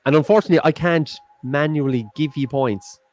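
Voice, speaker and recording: A man's voice: on the high side, fairly quick, darkish tone, no echo. An Irish man in his thirties co-hosting a live quiz stream from home, bantering and laughing. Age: 30s. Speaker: quiz co-host. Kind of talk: casual live-stream chat.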